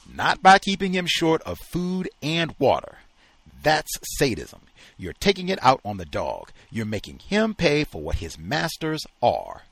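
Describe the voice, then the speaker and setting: A man reading out a bitter, furious older kennel owner who yells his lines in a husky voice. His delivery is slow and deliberate. The pitch leaps all over the place. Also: huge pitch swings, no echo, exaggerated voice. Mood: growling. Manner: gruff, shouting, then forced restraint.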